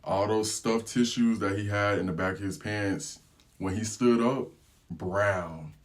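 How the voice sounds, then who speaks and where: A man telling a storytime vlog in a casual, slangy way. He tells it with animated energy and breaks into laughter. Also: lowish voice, a little slow. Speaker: travel vlogger.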